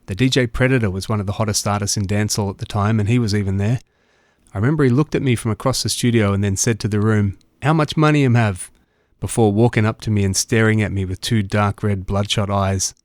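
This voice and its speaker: A man with an Australian accent, a radio host narrating a scripted outro in a relaxed, plain storytelling way. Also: on the low side, fast talker, no room sound, studio quality.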